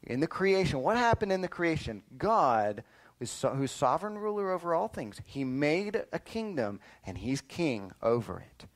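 Animated man teaching kids Bible class. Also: fairly high pitch, moderate pace. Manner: lively, keeps calling for attention, quizzes the kids. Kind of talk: animated Sunday school lesson.

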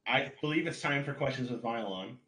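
A man hosting a podcast interview, briskly reading out the listener questions. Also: mid-range voice, sharp tone. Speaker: podcast host. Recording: roomy echo.

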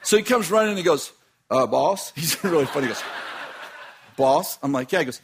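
A man's voice: fairly high pitch, animated, a little fast, long pauses, a little hiss or hum. A man who runs a business telling a long funny story in a casual way, laughing often as he talks.

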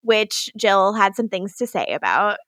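A woman's voice: mid-range voice, expressive, measured pace, a bit bright, dry recording, clean studio sound. A woman co-hosting a podcast, recapping a TV episode in casual chat, laughing often and acting out the characters' lines. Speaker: podcast co-host.

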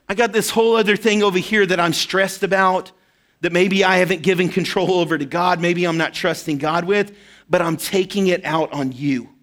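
A pastor, probably in his thirties, preaches in a high, somewhat bright voice. His sermon feels like a conversation built on personal stories, and he keeps checking in with "right?"

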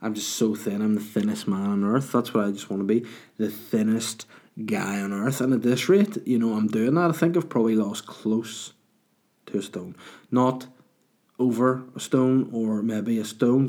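A man rants on his own podcast in a loose, casual monologue. He swears freely and mocks things with exasperation. His voice sits a little low. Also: mellow. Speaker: podcast host.

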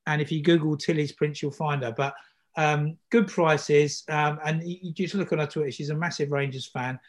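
A man's voice: a little high, steady tone, normal speed. A man hosting a podcast, chatty and upbeat with plenty of fillers. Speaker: podcast host. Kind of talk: casual podcast chat.

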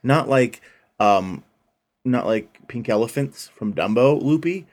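Man, podcast co-host, casual chat, animated storyteller, average pitch. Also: unhurried. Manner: animated storyteller acting out characters' lines. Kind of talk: casual chat retelling a film.

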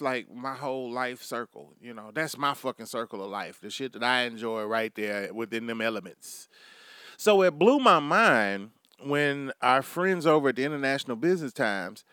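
A man's voice: medium pitch, a bit bright, no echo, clean studio sound. A man hosting a comedy monologue, brash and crude, riffing with mock asides to an imagined crowd. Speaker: comedy podcast host.

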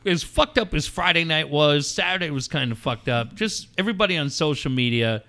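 A middle-aged male radio host telling a story in an animated, swooping voice that runs high for a man. His tone is bright and sharp as he acts out each phone call with quoted voices. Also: fairly quick. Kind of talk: casual storytelling on air.

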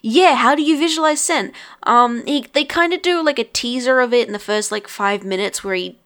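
Woman rambling about a tv show, kinda high voice, swears a lot, says like constantly. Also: normal speed. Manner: animated, swearing, full of "like" fillers. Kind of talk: casual chat.

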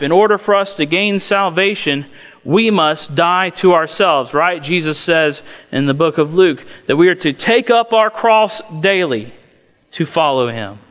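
A man's voice: fairly high pitch, fairly bright tone. A young man from north Florida preaching a sermon as pastor, emphatic and folksy, tossing out rhetorical questions. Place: church sanctuary. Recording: long church reverb.

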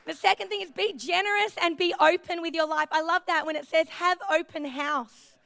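A woman's voice: extremely high pitch, steady tone, moderate pace, vocal fry, fairly bright tone, a faint crowd. A woman preaching a sermon in a chatty, self-deprecating way, telling personal stories in a church.

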